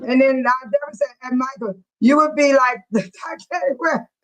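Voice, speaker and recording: A woman's voice: sits high, animated, moderate pace, a bit bright, low-quality recording. A middle-aged woman hosting a casual livestream, reading chat comments aloud and laughing often. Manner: sweating and fanning herself after dancing. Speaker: livestream host.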